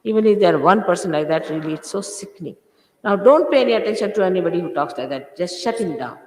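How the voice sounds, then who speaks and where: An older woman, a spiritual teacher, gives an informal talk to her followers in a dark-toned, lowish voice, speaking fast and animatedly. She scolds firmly and repeats phrases to drive her points home. Her words ring through a large hall with long reverb on what sounds like an old archive tape.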